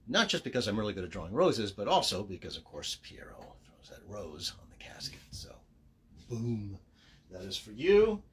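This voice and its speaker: A voice actor signs autographs on a livestream, chatting casually and narrating each step while joking at his own expense. His voice sits at medium pitch with a fairly bright tone, and his manner is chatty and self-deprecating.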